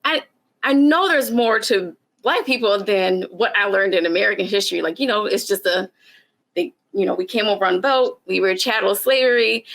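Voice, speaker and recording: A woman guest in a casual discussion, speaking thoughtfully and hesitantly, with many pauses and fillers. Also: medium pitch, fairly bright tone.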